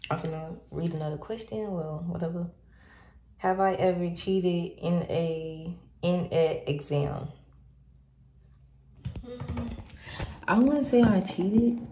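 A woman's voice: on the low side, warm tone, a little hiss or hum. A young woman vlogger casually answering viewer questions, blunt and swearing freely, rambling and restarting her sentences. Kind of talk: casual Q&A chat. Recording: echoey room.

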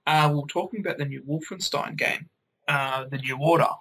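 A man's voice: fairly high pitch, a little fast, pushed and bright, low-quality recording. A man, co-hosting a casual gaming podcast, rambling and chatty with lots of fillers. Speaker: podcast co-host.

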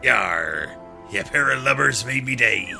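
A man voicing a gruff male pirate snowman with growling pirate talk, over game music. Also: mid-range voice, animated, measured pace, sharp tone, exaggerated voice.

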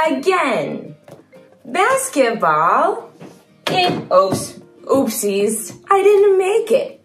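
Young woman hosting a toddler video, high and very lively, slow exaggerated sing-song, faint music underneath. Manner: bouncy, exaggerated and playful, with sound effects.

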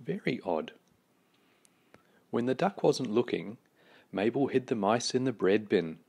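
A man reading a children's picture book aloud, with slow, expressive storytelling. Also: medium pitch, gravelly, breathy edge.

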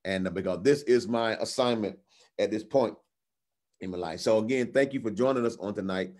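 A man teaching a Bible lesson online as a pastor, relaxed and chatty, slowing down to stress key words in declarations. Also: fairly low pitch. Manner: slow emphatic declarations, rising on key words; relaxed, conversational with fillers.

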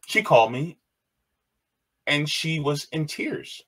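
A man casually telling a personal story on his channel, animated and repeating phrases, quoting others in a raised voice. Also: fairly high pitch, takes it slowly. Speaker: video host.

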